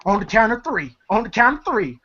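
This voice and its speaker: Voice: mid-range voice, very animated, brisk, pushed and bright, slightly rough, exaggerated voice. A movie reviewer voicing a brash young male hustler who talks in a screeching, boastful way, on a dull lo-fi recording.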